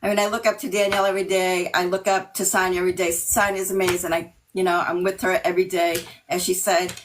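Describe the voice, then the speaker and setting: A middle-aged woman from Massachusetts, talking about herself in a video call interview, nervous and emotional, with many ums and pauses. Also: lowish voice, flat delivery, background noise. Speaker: team member.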